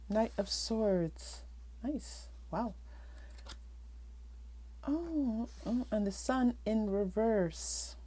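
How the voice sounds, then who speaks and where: Nasal, stuffed-up woman reading tarot. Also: on the high side. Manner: gentle, reassuring, meandering. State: stuffy nose from a cold. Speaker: tarot reader. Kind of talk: pick-a-card tarot reading.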